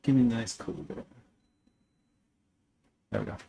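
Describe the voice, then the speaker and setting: A man's voice: mid-range voice, steady tone, unhurried, gravelly, mellow, breathy edge. A man streaming a game, chatting casually in a rambling, sweary way with lots of fillers and restarts. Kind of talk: casual gameplay commentary.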